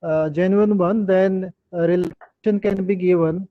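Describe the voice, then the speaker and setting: Halting high-voiced professor on a call. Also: male voice, fairly even intonation, no room sound. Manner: halting, many uh pauses. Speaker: university professor. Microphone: video call. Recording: dry dull breaking call audio.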